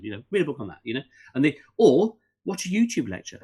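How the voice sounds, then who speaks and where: Animated, fast-talking man. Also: on the high side, husky. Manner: animated and rambling, with many restarts and fillers. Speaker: podcast guest. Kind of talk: casual interview chat.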